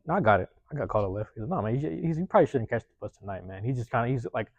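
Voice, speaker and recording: Man, podcast host, fast talker, swears a lot, dry close sound. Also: mid-range voice, no room sound. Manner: profane, rapid, animated retelling with acted-out quotes. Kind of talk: casual storytelling monologue.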